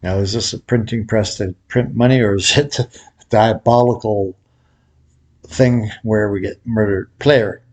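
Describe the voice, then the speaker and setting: A man's voice: lowish voice, fairly even intonation, measured pace, a little mellow. A middle-aged man giving a casual tutorial, rambling and joking at his own expense, with a slight whistle from a cracked tooth. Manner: rambling, jokey, laughs at himself. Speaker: baccarat instructor.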